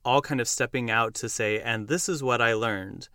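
A young man hosting a podcast, recapping a musical in casual chat, animated and quick to laugh. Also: medium pitch, clean tone, no echo, clean studio sound. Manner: enthusiastic storyteller who acts out lines and laughs often. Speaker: podcast host.

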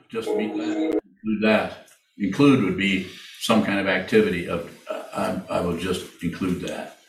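A man leading a meditation Q&A, speaking slowly and haltingly, often repeating his phrases. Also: low-pitched, a little hiss or hum. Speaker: meditation teacher. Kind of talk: Q&A in a dharma talk. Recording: echoey room from far off.

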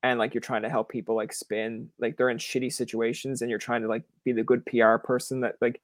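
A man's voice: medium pitch, level tone, brisk, no room sound. A young man from Canada hosting a podcast in casual chat, rambling with many fillers, swear words and acted-out quotes. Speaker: podcast host.

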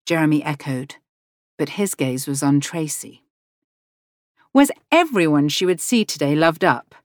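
A woman narrating a novel as an audiobook, gently voicing each character in the dialogue. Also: low-pitched, very animated, a little slow, no echo, clean studio sound. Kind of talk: scripted narration.

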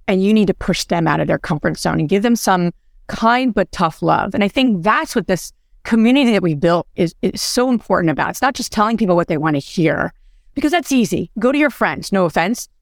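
A woman's voice: mid-range voice, no room sound, studio quality. A woman in her forties hosting a podcast, telling stories in a chatty way, often asking "right?" and laughing. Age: 40s. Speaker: podcast host. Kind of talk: casual podcast chat.

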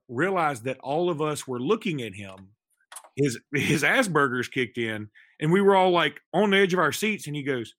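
A man with a somewhat high voice tells a long, rambling story on a podcast. He stops and restarts his sentences and keeps circling back. The sound is dry and close, with no room around it. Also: moderate pace, no room sound. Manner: rambling, animated storyteller with many restarts and fillers. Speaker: podcast co-host. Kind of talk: casual storytelling chat.

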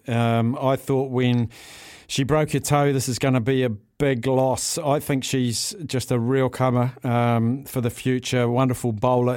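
Conversational male talk-radio host, mid-pitched, dry close studio mic. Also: darkish tone, no echo. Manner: chatty and conversational.

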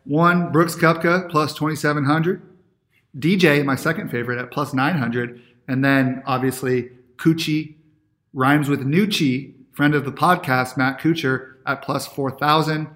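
A man's voice: a little high, fairly even intonation, a little slow, fairly bright tone. Enthusiastic man in podcast banter. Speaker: podcast co-host.

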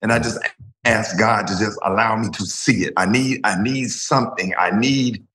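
A man with a bright, forward voice talks as a guest, emotional and rambling, repeating words as he goes. An echoey room rings around his voice. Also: lowish voice, normal speed. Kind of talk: emotional interview talk.

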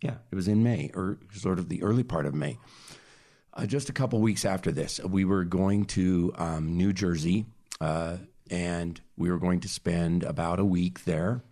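A man guest telling a personal story in a hesitant way, pausing and searching for words. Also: deep voice, warm tone. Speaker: interview guest.

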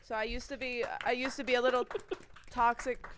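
A woman's voice: fairly high pitch, little pitch movement, fairly quick, a bit bright, a little hiss or hum. An American woman with a light New York accent, a content creator chatting as a podcast guest and trading teasing quips. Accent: American, New York tinge. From United States. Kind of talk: casual podcast chat.

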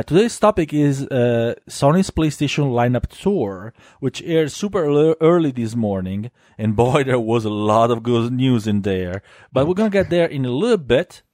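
A man's voice: mid-range voice, mellow, no room sound. A talkative man with an Italian accent hosts a casual podcast, joking and teasing his co-host. His voice sits mid-range, and it is recorded dry and close, with no room sound. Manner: chatty, laughing, teasing.

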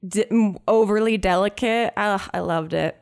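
A woman's voice: mid-range voice, normal speed, creaky, darkish tone, clear, resonant tone. A young woman co-hosting a casual podcast chat, speaking enthusiastically and laughing often. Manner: enthusiastic, says "dude" and "God", laughs often. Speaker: podcast co-host.

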